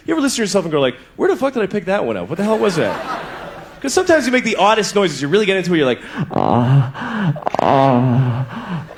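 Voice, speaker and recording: Animated man doing stand-up over a laughing crowd. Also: fairly high pitch. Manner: animated storytelling, acts out other voices in bursts; profane, conversational asides. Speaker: stand-up comedian. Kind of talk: stand-up comedy set. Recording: live club with audience laughter. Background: audience laughter.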